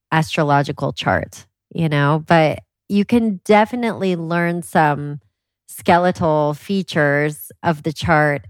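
A woman talking as a podcast guest, a lively storyteller who fills her talk with "like". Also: low-pitched, dry recording. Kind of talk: casual interview chat.

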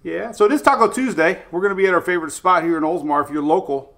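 A man's voice: high-pitched, fast talker, gravelly, sharp tone. A middle-aged man hosting a live weather stream, chatty and upbeat, greeting viewers by name. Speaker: weather show host.

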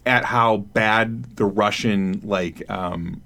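A man's voice: fairly low pitch, steady tone, takes it slowly, gravelly, bright, forceful tone. Rambling man co-hosting a podcast. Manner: rambling, laughing, acts out quoted voices. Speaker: podcast co-host. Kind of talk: casual podcast chat.

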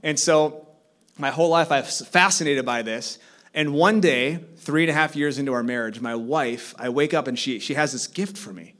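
A man in his thirties sharing a personal testimony as a guest speaker at church, storytelling warmly and growing animated. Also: fairly high pitch, normal speed. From South Korea. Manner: storytelling, animated when excited, soft in prayerful parts. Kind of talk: testimony sermon.

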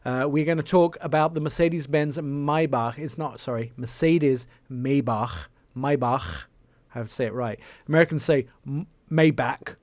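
A man's voice: on the high side, fairly even intonation, a little fast, few pauses, dry recording. A man hosting a radio show, chatting casually and enthusiastically, with jokey asides.

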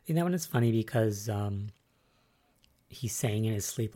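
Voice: medium pitch, moderate pace. A podcast host recapping soap episodes in a casual solo chat, rambling and musing aloud with lots of fillers. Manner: excitable and spoiler-wary.

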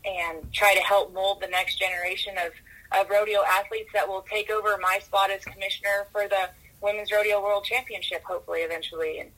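A woman guest on a podcast, talkative and energetic, often restarting her sentences, who grew up in California. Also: mid-range voice, fairly quick, poor audio. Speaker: podcast guest, rodeo commissioner. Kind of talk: casual interview talk.

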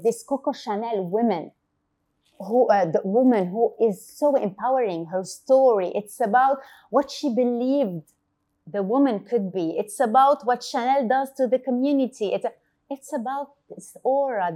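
Animated woman telling a story. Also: on the high side. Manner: animated storytelling, acts out quotes, many fillers and restarts. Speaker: marketing agency founder, guest. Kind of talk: casual podcast interview.

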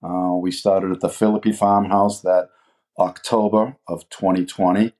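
Low mellow-voiced man in his sixties. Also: level tone, unhurried. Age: 60s. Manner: rambling, many uhs and restarts. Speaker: guest, food business co-owner. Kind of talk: casual interview chat.

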